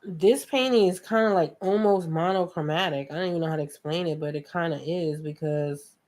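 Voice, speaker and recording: Hosting a painting tutorial, a woman with a New York accent chats playfully with viewers as though they were friends. Her voice is fairly low, a little mellow, and fairly quick.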